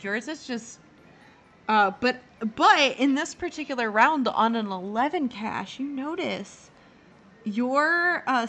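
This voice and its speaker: A woman's voice: a little high, bright, forceful tone. A woman narrating a live tabletop game as dungeon master, rambling with many fillers.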